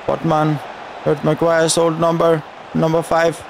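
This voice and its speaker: A man's voice: fairly high pitch, completely flat delivery, unhurried, vocal fry, noisy background. A man giving live, chatty commentary over a football video game as a gaming video creator, grumbling at the referee and his players.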